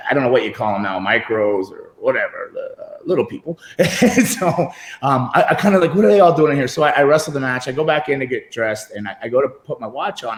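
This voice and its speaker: A middle-aged man spinning loose, meandering anecdotes, often breaking into laughter as he goes. He speaks over a computer video call, and his voice carries a roomy echo. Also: medium pitch. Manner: rambling, laughs while telling stories. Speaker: guest wrestler. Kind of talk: casual interview storytelling.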